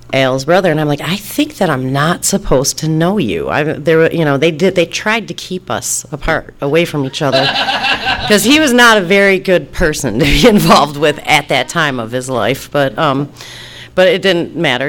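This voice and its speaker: A woman from Detroit casually telling a personal story, rambling, restarting her sentences and laughing often. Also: sits low. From Detroit, United States. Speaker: storyteller recounting her past.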